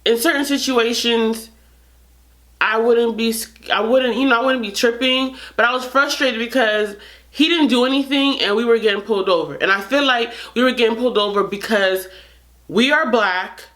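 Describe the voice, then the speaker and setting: A woman's voice: on the high side, moderate pace, fairly bright tone. A woman vlogger telling a personal story to camera in a casual, earnest way, often restarting her sentences.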